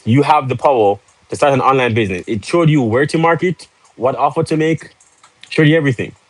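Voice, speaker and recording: A man's voice: medium pitch, fairly quick, low-quality recording. A man hosting a live stream, casual and pushy, urging viewers with rhetorical questions and joking with the chat. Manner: salesy, pushy, laughs easily. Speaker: livestream host.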